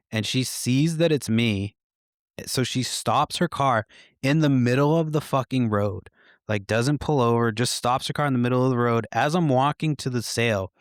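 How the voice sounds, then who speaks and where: A podcast host tells stories in a casual, rambling way, swearing freely, chuckling often, and using frequent fillers in a laid-back, profane manner. His voice is medium-pitched, and the recording is studio quality with no room sound.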